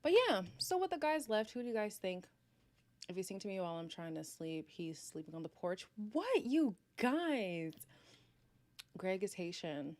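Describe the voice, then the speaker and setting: A woman's voice: fairly low pitch, brisk, darkish tone, no echo. A woman hosting a casual livestream, reading and answering viewer chat, chatty and self-mocking and laughing often.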